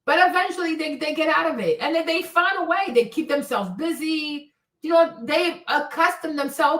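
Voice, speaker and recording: A woman's voice: high-pitched, moderate pace, fairly bright tone. Blunt, preachy woman in her forties. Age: 40s. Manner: blunt, preachy, keeps asking "right?". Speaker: live stream host. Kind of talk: casual livestream rant. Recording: echoey room, voice a bit far from the mic.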